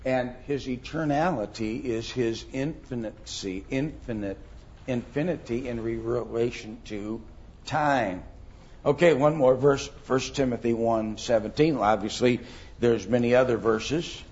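A man's voice: medium pitch, a little slow, a little mellow, dull audio, a little hiss or hum. A middle-aged man teaching a Bible class, thinking aloud with many ums and rhetorical questions.

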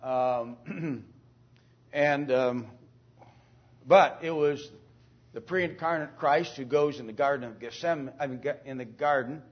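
A man teaching an informal Bible lesson to a class, speaking haltingly with many fillers, restarts and throat-clearing, and often asking the class questions. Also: mid-range voice. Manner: asks the class questions and calls on students. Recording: dull lo-fi recording.

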